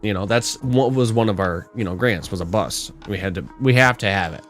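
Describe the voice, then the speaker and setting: A young man co-hosting a podcast, telling stories in a casual, animated way, swearing and acting out the people he quotes. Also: lowish voice, brisk, faint music behind. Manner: animated, swearing storyteller who acts out quotes loudly. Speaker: podcast co-host. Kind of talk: casual storytelling chat.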